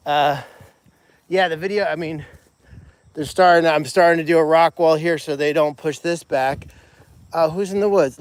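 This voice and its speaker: On a handheld phone live stream, a man who tends a farm animal sanctuary strolls outdoors across a pasture, chatting casually. His smooth voice is a little high, and his rambling talk is full of fillers and restarts.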